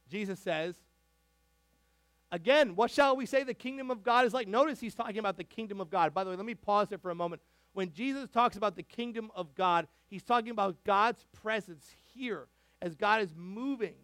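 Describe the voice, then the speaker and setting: A man preaching a sermon as a pastor, animated and conversational, with frequent asides and restarts. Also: high-pitched, no echo. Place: church sanctuary.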